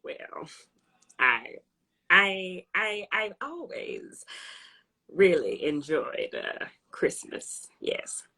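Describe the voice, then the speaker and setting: A woman doing an impression of a famous elderly woman poet, speaking slowly and solemnly in a hushed, breathy voice with long pauses. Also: lowish voice, expressive, pitched below the performer's own voice, exaggerated voice. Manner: slow, hushed, breathy delivery with drawn-out pauses.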